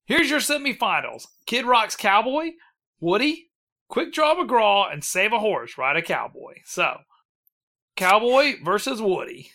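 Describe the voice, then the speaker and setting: A man's voice: high-pitched, sing-song, measured pace, bright, forceful tone. A man hosting a casual podcast chat, rambling with lots of ums, laughing and swearing as he runs a bracket vote.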